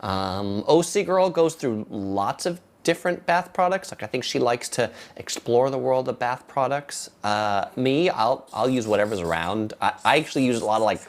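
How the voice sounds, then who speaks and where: A man from Southern California in his thirties, hosting a casual live stream and answering viewer questions in a relaxed, halting way with many fillers. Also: mid-range voice.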